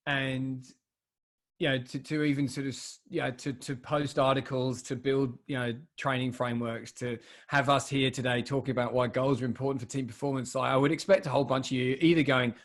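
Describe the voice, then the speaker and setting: Man in his late thirties, British accent with an Australian tinge, co-host, casual business chat, chatty with many fillers, medium pitch. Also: fairly even intonation, moderate pace. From England.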